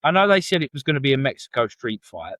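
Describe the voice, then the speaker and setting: A man's voice: medium pitch, big pitch swings, fast, fairly bright tone, no room sound. A man from England co-hosting a wrestling podcast, chatty and enthusiastic in casual conversation. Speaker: podcast co-host. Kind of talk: casual chat.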